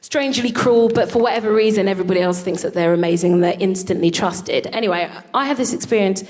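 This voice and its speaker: A woman co-hosting a show, telling comic stories on stage in an animated way, swearing and laughing often. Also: mid-range voice, fast talker. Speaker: co-host. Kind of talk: comic storytelling before a live audience. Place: live stage.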